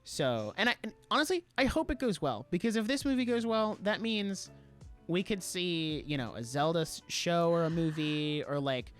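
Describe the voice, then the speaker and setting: A young man co-hosting a podcast, talking casually and defending his opinions with animated emphasis. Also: on the high side, moderate pace, soft background music. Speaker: podcast co-host.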